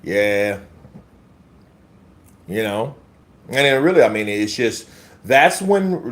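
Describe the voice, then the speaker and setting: A man's voice: medium pitch, animated, measured pace. A man hosting casual boxing commentary on a livestream, blunt and profane, talking to his chat as bro.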